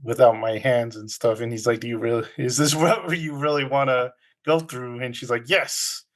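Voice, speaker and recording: Male podcast co-host, easygoing film-recap chatter, mid pitch. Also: steady tone, a little fast. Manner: rambling retelling with filler ums and laughs. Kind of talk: casual movie recap chat.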